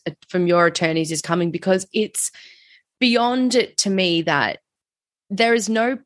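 A woman's voice: fairly low pitch, no room sound. A woman hosting an interview, asking questions and reacting with emphatic indignation. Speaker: podcast host. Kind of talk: casual interview conversation.

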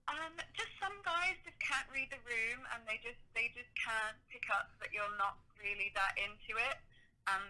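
A British woman talks casually as a guest on an interview show. Her voice is strikingly bright and her speech loose and chatty, full of filler words. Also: fairly high pitch, normal speed, low-quality recording. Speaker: podcast guest.

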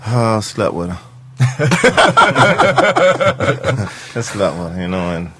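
A man's voice: fairly low pitch, wildly swooping pitch, very slow, heavy background noise. A middle-aged man with a Miami accent, talking as a podcast guest in a slurred, laid-back drawl full of street slang. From Miami, USA. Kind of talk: casual chat.

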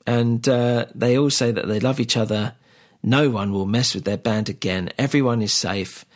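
A man's voice: medium pitch, normal speed. A man hosting a podcast, recapping a film plot in casual chat, laughing often and quoting mockingly. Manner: amused, recapping a plot with laughs and mock quotes. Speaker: podcast host.

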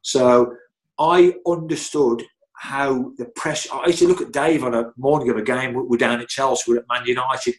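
His voice is medium-pitched with fairly even intonation and normal speed: a middle-aged interview guest telling chatty, meandering anecdotes laced with restarts and "you know"s.

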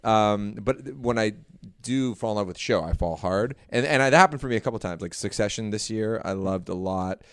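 A man's voice: fairly low pitch, a little fast, smooth, no room sound, studio quality. A man in his thirties, co-hosting a podcast, speaking in an easygoing, self-deprecating manner. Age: 30s. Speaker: podcast co-host. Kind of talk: casual chat.

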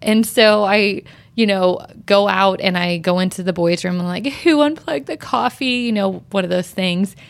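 A woman in her thirties co-hosting a podcast, telling a story in casual chat and acting out quoted lines in a higher voice. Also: flat delivery, moderate pace, vocal fry, smooth. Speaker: podcast co-host.

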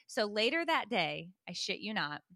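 A woman in her forties hosting a podcast, telling a comic story in an animated, profane way and acting out the dialogue. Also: mid-range voice, normal speed, no room sound, clean studio sound. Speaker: podcast host. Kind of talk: comedic storytelling.

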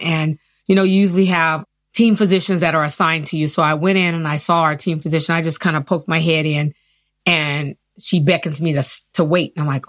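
Interview guest, woman in her fifties, low-pitched and earnest, acting out the people she quotes. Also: a little fast, dry recording, clean studio sound. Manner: earnest, animated retelling with acted quotes. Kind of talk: personal storytelling.

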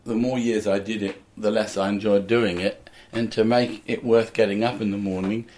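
A man's voice: lowish voice, fairly even intonation, normal speed, a little mellow. An older man from England, a comedian and musician, telling rambling anecdotes in a casual interview.

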